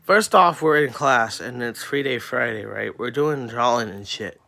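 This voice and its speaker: Teenage boy, profane angry rant, exasperated, bright forceful voice, mid pitch. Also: measured pace, vocal fry. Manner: profane, heated and exasperated, swearing constantly. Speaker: student venting on camera. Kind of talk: angry ranting vlog.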